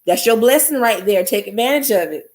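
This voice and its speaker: A woman with a slightly high, darkish voice hosts a casual livestream, speaking briskly and with animation. She talks to her viewers effusively and keeps repeating her exclamations.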